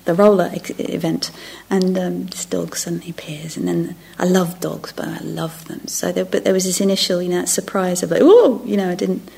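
Middle-aged woman, meditation teacher. Gentle, reflective dharma-talk delivery that often sinks to a whisper. Husky with some vocal fry. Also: lowish voice, level tone, brisk, hardly any pauses. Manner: soft and reflective, often dropping to a near-whisper; self-interrupting, restarting phrases. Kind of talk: dharma talk to a retreat group.

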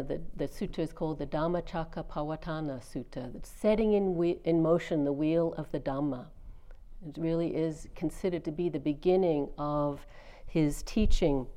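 A middle-aged woman, a meditation teacher, giving a dharma talk in a gently conversational storytelling way, with fillers and restarts. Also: low voice. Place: meditation retreat hall.

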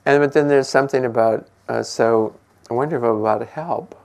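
Older male meditation teacher, gravelly, unhurried and gentle, laughs easily. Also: mid-range voice. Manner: gentle, musing, laughs often. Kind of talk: relaxed dharma talk.

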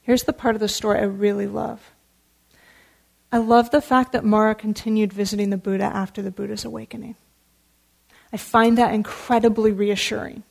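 A woman meditation teacher giving a dharma talk in an earnest, warm storytelling manner. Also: a little high, vocal fry.

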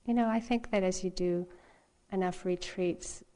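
A middle-aged woman meditation teacher giving a dharma talk, telling a personal story in a soft, unhurried way and laughing often. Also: lowish voice, fairly even intonation.

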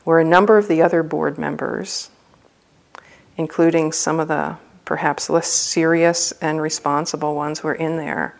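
A woman's voice: sits low, steady tone, normal speed, creaky. A woman meditation teacher giving a dharma talk at a retreat center, telling a personal story in a humorous, loose, conversational way.

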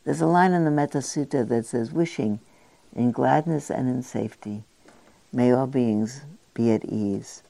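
Low, gravelly older woman giving a dharma talk. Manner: gentle, musing, with frequent pauses and fillers. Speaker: meditation teacher.

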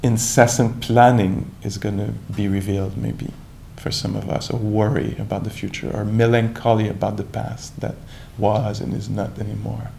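A man giving a calm, reflective dharma talk as a meditation teacher, searching for words with many restarts and asides. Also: on the low side, normal speed, gravelly, few pauses, slight background noise.

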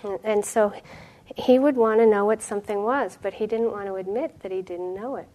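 A middle-aged woman teaching meditation, her voice sitting in an ordinary middle range. She talks in a reflective, storytelling way, with soft pauses. The delivery is that of a gentle dharma talk. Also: medium pitch, low-quality recording.

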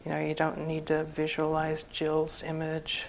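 Low, gravelly-voiced woman teaching meditation. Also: monotone, measured pace, very noisy. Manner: conversational and humorous, laughing often. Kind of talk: informal dharma talk.

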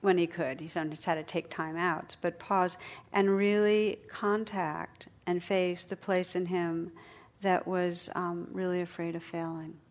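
A middle-aged woman giving a meditation talk, telling stories and jokes with gentle pauses. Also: on the low side, flat delivery. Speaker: meditation teacher. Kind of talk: dharma talk.

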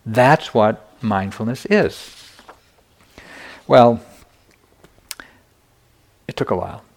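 A man's voice: mid-range voice, animated, extremely slow, vocal fry. An older man giving a meditation dharma talk, telling personal stories candidly with self-deprecating humor. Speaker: meditation teacher.

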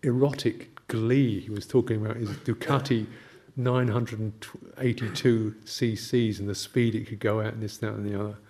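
An older man, a Buddhist monk, giving a gentle, halting reflective talk with anecdotes and soft laughs. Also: fairly low pitch, fairly even intonation, a little hiss or hum.

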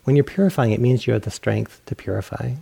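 A male meditation teacher tells a story during a dharma talk, poking fun at himself as he acts out his own thoughts. His voice sits at an ordinary pitch, with a gravelly, slightly husky edge. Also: quick pace, mellow.

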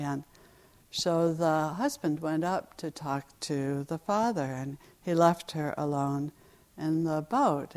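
A woman meditation teacher giving a dharma talk on retreat, telling a story in an unhurried, reflective way with gentle asides. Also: sits low, vocal fry.

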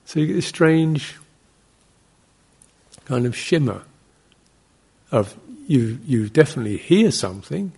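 Gravelly, husky-voiced monk giving a dharma talk. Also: male voice, medium pitch, big pitch swings, a little slow, pauses often. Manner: anecdotal and digressive, with soft laughs and short acted-out exclamations. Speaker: Buddhist monk teaching meditation.

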